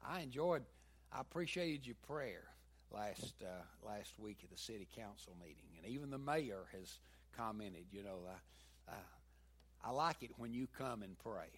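Southern preacher man, slow and folksy, voice swoops up big on the key points. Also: lowish voice, animated, slightly rough. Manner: folksy storytelling, building to emphatic peaks. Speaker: pastor. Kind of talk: sermon.

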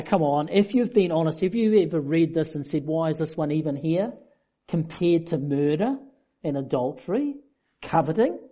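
A man's voice: fairly high pitch, mellow. A man preaching a sermon in a conversational, self-deprecating way. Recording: dull lo-fi sound.

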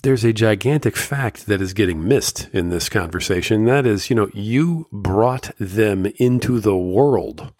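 A middle-aged man hosting a solo podcast, talking earnestly and emotionally in slow, measured phrases, firm and lecturing at times. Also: fairly low pitch, darkish tone, no echo, studio quality. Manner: firm and lecturing about fatherhood. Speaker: podcast host.

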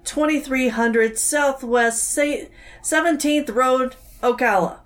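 A woman's voice: high-pitched, takes it slowly. A woman co-hosting a podcast, reading event listings with easygoing dry quips. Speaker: podcast co-host.

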